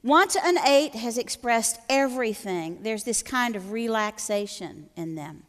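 A woman's voice: fairly high pitch, expressive, a little slow. Joking woman teaching in a hall. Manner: folksy, joking, teasing. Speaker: workshop teacher. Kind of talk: live workshop talk.

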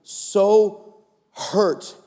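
A male preacher putting on the voice of a distressed woman, speaking low and subdued in an echoey hall. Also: fairly even intonation, very slow, mellow. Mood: hurt. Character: distressed woman confiding her family pain.

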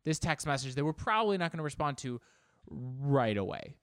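A man's voice: big pitch swings, brisk, a bit bright, no echo, studio quality. Rambling comedic podcast host, man. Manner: self-mocking, digressive, jumpy in pitch.

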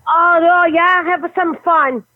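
Portuguese-accented woman, very high voice, irate and cursing, tinny dry phone line. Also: steady tone, slow pace, no room sound. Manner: furious, swearing, broken English. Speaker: prank call target. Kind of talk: angry phone argument.

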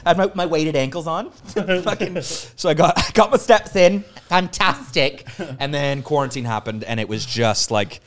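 A man's voice: a little high, normal speed, hardly any pauses. A man from Canada, a comedian guest on a podcast, telling stories in casual chat, swearing freely and laughing through them.

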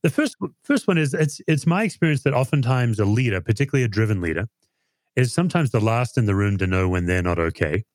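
A man, a therapist interviewing a guest, asking probing questions in a gentle, measured and slightly halting way. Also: medium pitch, expressive, dry recording, studio quality.

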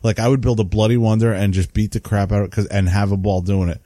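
Man, podcast co-host, casual chat, warm tone, dry recording. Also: lowish voice, little pitch movement, fast talker, no room sound. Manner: laid-back, says "man" a lot.

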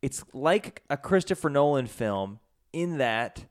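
A man's voice: medium pitch, lively intonation, slow pace. A man co-hosting a casual podcast, rambling and swearing as he chats. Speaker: podcast co-host. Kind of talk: casual chat.

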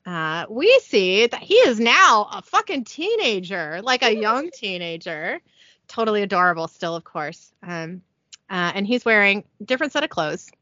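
A woman's voice: medium pitch, sing-song, moderate pace, bright, forceful tone, no echo, dull audio. A woman hosting a podcast, giving a chatty, giggly, irreverent recap of a TV episode. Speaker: podcast host.

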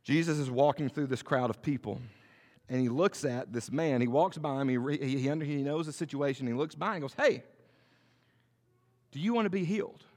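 A middle-aged male pastor preaching a sermon, swinging between loud and soft and asking the congregation rhetorical questions. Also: mid-range voice, steady tone, brisk, long reverb tail.

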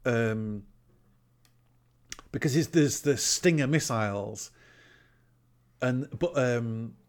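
A man in casual chat, retelling a film scene by scene. He swears freely, laughs along, and slips into quick put-on voices for the characters. His pitch sits in the ordinary middle range. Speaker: podcast co-host recapping a film.

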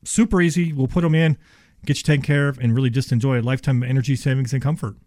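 Fast-talking man pitching on radio. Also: fairly even intonation, darkish tone, no room sound, studio quality. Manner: fast, enthusiastic sales pitch with restarts. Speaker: HVAC company owner and radio guest. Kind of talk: radio sales chat.

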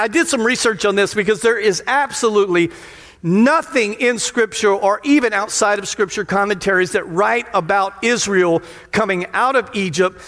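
A man pastor preaching a lively, playful sermon in a church sanctuary, often putting questions to the crowd. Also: high voice. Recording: long hall reverb of a sanctuary.

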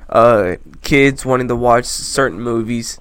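A man's voice: mid-range voice, measured pace, fairly bright tone, clean tone, dry recording. A man chatting on a comedy podcast, laid-back and agreeable. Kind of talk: casual comedy podcast chat.

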